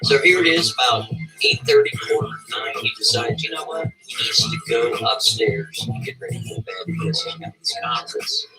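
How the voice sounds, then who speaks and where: A man telling a story casually and with animation, often checking in with the listener with a quick "right?". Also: medium pitch, huge pitch swings, over music, rough recording.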